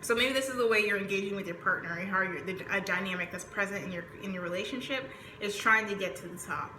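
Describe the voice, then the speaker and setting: A tarot reader with a Southern US accent chats her way through a rambling reading packed with fillers, her mid-range voice quick and sharp. The room echoes, with faint background noise.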